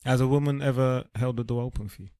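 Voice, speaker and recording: A man's voice: mid-range voice, steady tone, fast talker, dark tone, no room sound, clean studio sound. A man co-hosting a casual podcast, pressing his questions insistently. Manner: probing, keeps pressing questions. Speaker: podcast co-host.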